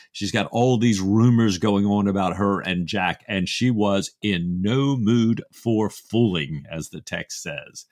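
A man's voice: on the low side, dry recording, clean studio sound. A man co-hosting a podcast, retelling a novel's plot with amusement. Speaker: podcast co-host. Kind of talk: casual book discussion.

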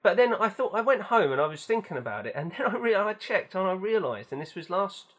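A man's voice: sits high, very animated, a little fast, fairly bright tone, slightly rough. A man co-hosting a casual film chat, telling stories in a chatty, wry way with the odd swear word. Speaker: podcast co-host.

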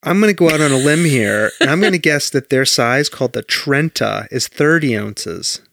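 A man's voice: medium pitch, lively intonation, moderate pace, vocal fry, fairly bright tone, no echo, clean studio sound. A man co-hosting a podcast in casual chat, rambling and swearing freely as he tells stories. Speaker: podcast co-host.

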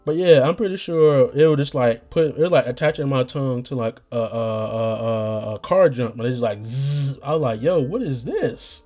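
Hoarse young man rambling on a podcast. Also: medium pitch, brisk, few pauses, warm tone. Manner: slangy, profane, rambling with restarts. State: getting hoarse. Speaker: podcast host. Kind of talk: rambling casual monologue.

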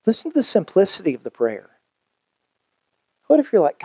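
A man pastor, preaching a sermon in an animated, conversational way with jokes and acted-out quotes. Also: high-pitched, a little fast, long pauses, breathy edge, no echo.

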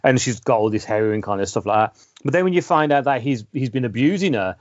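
A man co-hosting a podcast rambles through a casual film discussion, restarting often and repeating words. He talks fast in an animated, medium-pitched voice. The sound is dull, lo-fi, and dry, with no room sound.

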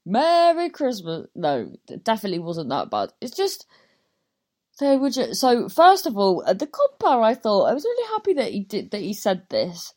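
Young woman comic, chatty and scattered, mid-pitched voice, casual podcast monologue. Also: wildly swooping pitch, moderate pace, darkish tone. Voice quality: chatty, scattered, self-interrupting, swears often. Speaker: stand-up comedian.

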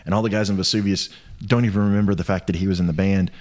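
Low-voiced man jumping into chat. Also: fairly even intonation, very fast, a little mellow. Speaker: podcast co-host. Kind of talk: casual chat.

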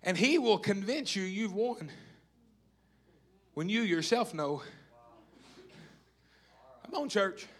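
A man's voice: sits high, sing-song, slow pace, long pauses. A man from Tennessee, preaching a sermon with emphatic, repeated calls to the congregation. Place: church or camp meeting hall.

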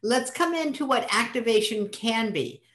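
A woman's voice: a little high, animated, moderate pace, fairly bright tone. Upbeat show host woman in an echoey room. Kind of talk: casual interview chat.

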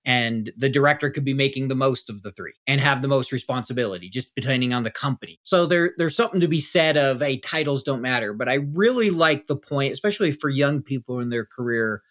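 A man's voice: mid-range voice, brisk, hardly any pauses, fairly bright tone. A man hosting an interview podcast, affirming his guest and thinking aloud in a conversational way. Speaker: podcast host.

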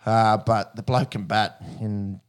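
A man's voice: fairly low pitch, fairly even intonation, slow pace, smooth. Blunt Australian man on a sports podcast. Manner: chatty, blunt, lots of slang and fillers. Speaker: podcast co-host. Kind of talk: casual sports chat.

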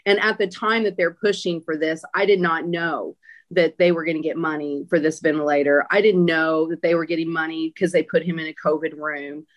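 A woman's voice: deep voice, steady tone, a little fast. A woman giving an interview, retelling a personal experience emphatically with many fillers. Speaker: interview guest. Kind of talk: personal account in a conversational interview.

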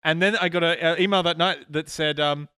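A man's voice: a little high, steady tone, a little fast, bright, forceful tone, clean tone, no echo. A man, co-hosting a gaming podcast in casual chat, rambling through a story and laughing easily. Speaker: podcast co-host. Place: studio. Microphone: podcast mic.

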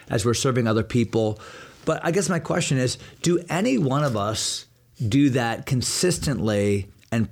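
A pastor teaching a Bible passage in a conversational discussion, earnest and working through his points with rhetorical questions. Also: mid-range voice.

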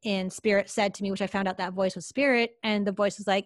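A woman's voice: medium pitch, fast, no echo, studio quality. A woman, a psychic medium, telling a personal story in a podcast interview, chatty and full of fillers. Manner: lively, chatty, many fillers like "like".

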